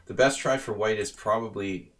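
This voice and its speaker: A man's voice: lowish voice, normal speed, fairly bright tone. An American man from near Philadelphia, streaming live blitz chess commentary, thinking aloud about moves with wry asides. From near Philadelphia, USA.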